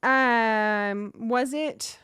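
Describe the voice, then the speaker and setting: A woman's voice: a little high, drawn-out words, clear, resonant tone, no echo, clean studio sound. Chatty woman telling a story on a livestream. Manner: chatty, animated, reads chat aloud. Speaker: livestream host.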